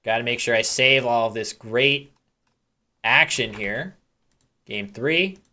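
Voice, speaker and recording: A man calls a live tournament like he's chatting with friends watching at home. His voice is bright and forward, with a middling pitch. He drifts into candid, joking side stories and pokes fun at himself. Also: slow. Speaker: tournament commentator. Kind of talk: live game commentary, casual chat.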